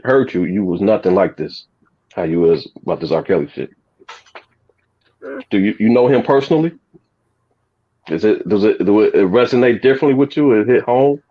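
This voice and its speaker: A man's voice: on the low side, expressive, moderate pace, long pauses, husky, muffled recording. A man on a casual call-in chat, blunt and profane, pressing the others with questions.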